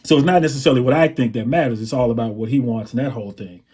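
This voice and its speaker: Talking very fast in a slightly rough, mid-range voice, a drummer guesting on an interview show recounts anecdotes easily. Every so often he scats the drum patterns he's describing.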